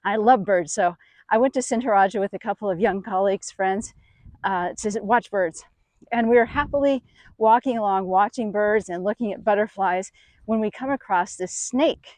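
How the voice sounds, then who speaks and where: A middle-aged woman telling a personal story in an animated, expressive way. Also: medium pitch, dry recording. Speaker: speaker. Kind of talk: storytelling talk.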